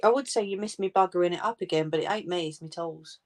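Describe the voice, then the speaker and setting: A woman hosts a crafting livestream from home in a slightly low voice. She chats casually and informally with viewers and laughs often. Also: quick pace.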